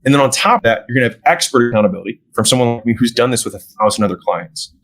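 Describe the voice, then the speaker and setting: A man as a podcast guest, explaining how he sells fitness programs in casual conversation and often checking in with a quick "right?". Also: medium pitch, fairly bright tone, poor audio. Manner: acts out sales dialogue, often tags "right?". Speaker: podcast guest, gym business owner.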